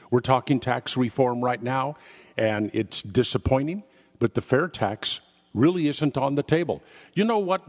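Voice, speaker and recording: An older man speaks as a veteran talk radio host, driving his points home with sarcasm and emphasis. His voice sits in a middle pitch. The sound rings with a long reverb, as if in a large hall. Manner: emphatic, sarcastic, acts out quoted dialogue. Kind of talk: political commentary monologue.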